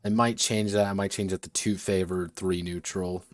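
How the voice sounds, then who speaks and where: Low-voiced man musing over game stats. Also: little pitch movement, a little slow, no room sound. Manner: muttering, self-correcting, casual swearing. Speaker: game designer streaming his work. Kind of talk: thinking aloud while designing a tabletop game.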